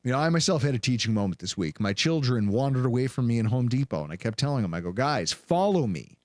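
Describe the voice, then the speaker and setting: A man in his thirties hosting a sports podcast, telling a story with lively acted-out voices. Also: medium pitch, racing, no echo. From Buffalo, New York area. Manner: animated, acts out voices in anecdotes. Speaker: podcast host.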